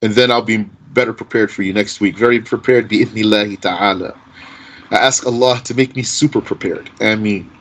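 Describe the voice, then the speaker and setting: A man teaching an informal Arabic grammar lesson. He speaks slowly and deliberately, reciting Arabic text and then explaining it in English. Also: fairly low pitch, steady tone, a bit bright, slight background noise, poor audio.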